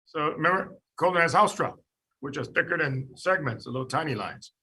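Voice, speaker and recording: A man lecturing a class on medicine, animated and jokey, quizzing students by name. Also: fairly high pitch, brisk, a little hiss or hum. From United States.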